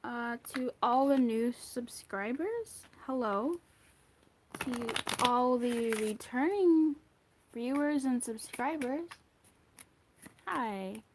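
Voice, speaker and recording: A woman's voice: fairly high pitch, slow, a little hiss or hum. A woman giving a casual monthly tarot reading, chatty and rambling, wandering off on tangents and restarting her sentences. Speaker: tarot card reader.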